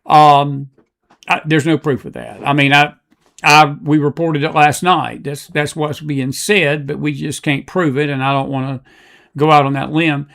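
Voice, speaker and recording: Impassioned man hosting political talk, gravelly voice, a bit high. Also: fairly even intonation, measured pace, a bit bright. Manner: impassioned, repetitive, preacher-like. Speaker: political talk show host. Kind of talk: live political commentary. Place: studio with live audience.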